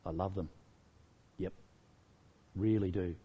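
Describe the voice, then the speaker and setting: A middle-aged man with an Australian accent presenting a children's storytime show, lively and enthusiastic with plenty of exclamations. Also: deep voice, slow, slightly rough, dull audio.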